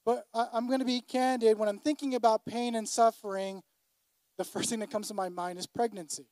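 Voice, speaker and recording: A man's voice: very high-pitched, steady tone, fairly quick, darkish tone, dry recording. A man preaching a sermon to a congregation, emphatic, repeating his key phrases. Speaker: pastor.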